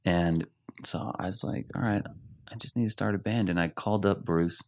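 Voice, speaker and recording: A middle-aged man from Arizona, a rock singer, telling animated stories in a casual interview and laughing often. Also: low-pitched, moderate pace.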